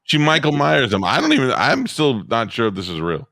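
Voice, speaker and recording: A man's voice: medium pitch, wildly swooping pitch, a little fast, sharp tone, no echo, clean studio sound. A man co-hosting a podcast in casual chat, blunt and sardonic, swearing freely. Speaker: podcast co-host.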